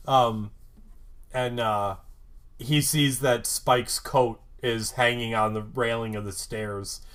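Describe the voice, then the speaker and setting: A man's voice: mid-range voice, steady tone, slow, fairly bright tone. A man hosting a podcast, recapping an episode in a rambling, casual way full of "like" and "um", sometimes getting worked up. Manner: rambling, lots of "like" and "um"; gets worked up and emphatic. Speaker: podcast host.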